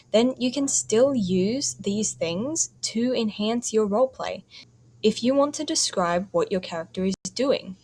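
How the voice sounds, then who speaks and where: A woman's voice: medium pitch, darkish tone. A woman hosting a tutorial and explaining the basics of roleplay in a friendly, explanatory way. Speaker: host.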